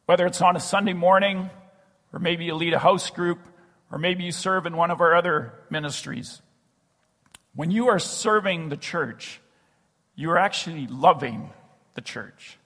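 A man preaches in a church, his fairly high voice a little husky. He slows down and sinks to a hush on the phrases that matter most. The long reverb of the sanctuary hangs behind every line. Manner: earnest, slows and drops to a hush on key phrases. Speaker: pastor. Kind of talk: sermon.

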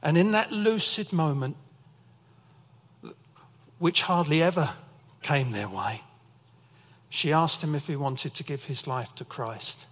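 A man's voice: a little high, slow pace, pauses often, fairly bright tone, big-room sound. A man preaching a sermon as pastor, telling personal stories as testimony. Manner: storytelling, emotional testimony.

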